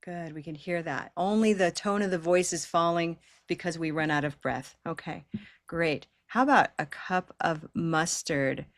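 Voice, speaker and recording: A woman's voice: on the low side, normal speed, dry recording, studio quality. Patient woman teaching pronunciation online. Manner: patient, encouraging, models long held vowels. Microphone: video call.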